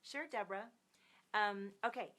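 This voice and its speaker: A woman in her thirties with a medium-pitched voice hosts a live-streamed card reading, speaking a little slowly. She chats warmly with viewers, sings out their names and slips into soft near-whispers.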